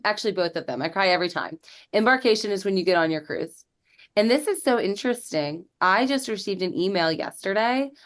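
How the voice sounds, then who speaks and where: A woman co-hosting a podcast as a travel agent, chatty and teasing, explaining terms like a guide. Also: lowish voice. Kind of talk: casual podcast chat.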